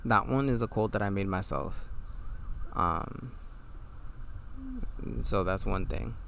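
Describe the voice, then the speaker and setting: A weary man with a nasal voice and a lowish pitch hosts a podcast on his own. He muses casually and reads affirmations in an unhurried way. A faint ambient hum sits under his voice. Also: vocal fry, a bit bright. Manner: low, laid-back delivery with mild swearing. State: tired. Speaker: podcast host. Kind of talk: casual reflective monologue, reading affirmations aloud.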